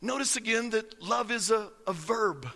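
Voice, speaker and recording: A man's voice: high-pitched, animated, moderate pace, vocal fry, pushed and bright, long reverb tail. A man preaching a sermon as pastor, folksy and emphatic, telling stories to his congregation.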